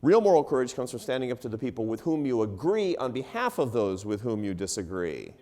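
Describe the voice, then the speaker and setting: A middle-aged man from the United States tells a long story to a live audience from a stage mic. His pitch is lively and swings widely, and he keeps breaking into laughter and wry asides about himself. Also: a little fast. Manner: animated, laughing often, self-deprecating asides. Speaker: panelist. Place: event hall before a live audience.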